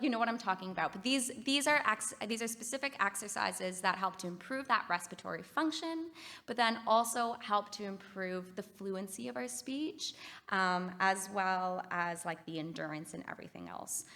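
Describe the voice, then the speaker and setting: A woman's voice: mid-range voice, sharp tone. A woman with a Canadian accent giving a conference talk on music therapy, upbeat and encouraging as she leads the audience through exercises. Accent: Canadian English. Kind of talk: conference presentation. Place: conference hall.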